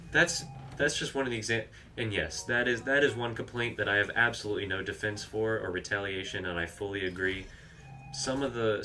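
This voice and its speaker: A man's voice: on the low side, bright, forceful tone, a little hiss or hum. A man streaming a video game, chatting casually, reacting aloud to the action and reading out viewer comments. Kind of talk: live gameplay commentary.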